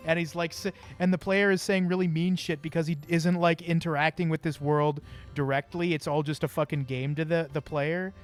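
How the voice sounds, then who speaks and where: A young man streaming a game, commenting casually in an excitable, joking way with plenty of swearing. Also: on the high side, normal speed.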